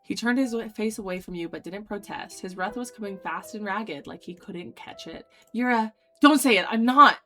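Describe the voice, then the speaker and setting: A young woman streamer reading a dating sim aloud, voicing its lines dramatically and breaking off into loud excited reactions. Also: medium pitch, normal speed, few pauses, faint music behind.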